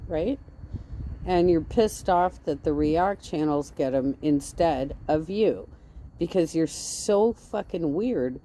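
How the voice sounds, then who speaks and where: A woman with a low, dark voice rants slowly and bluntly. She swears freely and scolds her target. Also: a little hiss or hum. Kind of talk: blunt ranting commentary.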